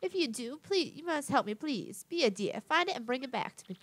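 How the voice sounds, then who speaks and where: A woman's voice: high-pitched, big pitch swings, brisk, a bit bright, voice pushed up, exaggerated voice. A woman voicing a vain, fussy, posh lady spirit who talks in a genteel, affected, old-fashioned way. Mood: doting, prim.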